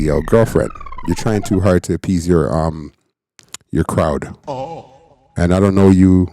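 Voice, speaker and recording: A low, mellow male voice reacting to a clip and talking straight to his viewers. His commentary is casual and blunt, and he cusses freely. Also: unhurried, long pauses, soft background music. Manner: blunt, animated, cursing. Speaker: reaction host.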